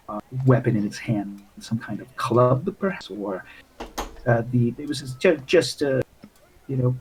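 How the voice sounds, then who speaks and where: A man's voice: mid-range voice, low-quality recording. Rambling male game master. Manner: rambling, many fillers and restarts. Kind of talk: tabletop game narration.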